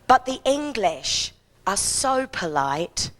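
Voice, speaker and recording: A woman's voice: mid-range voice, sing-song, takes it slowly, fairly bright tone. A woman performing a bawdy stand-up comedy routine on an outdoor festival stage. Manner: bawdy, brash, punchy delivery. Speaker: stand-up comic.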